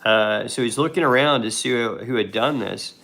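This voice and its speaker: Creaky-voiced man retelling a Bible story. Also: medium pitch, moderate pace, sharp tone. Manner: conversational, with fillers and restarts. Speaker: devotional video host.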